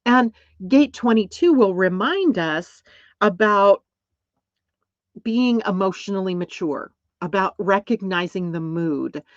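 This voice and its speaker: A woman's voice: fairly low pitch, no room sound. A woman teaching astrology in a casual, reflective way, often checking in with listeners. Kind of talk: casual explanatory talk. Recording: dull, lo-fi, dry recording.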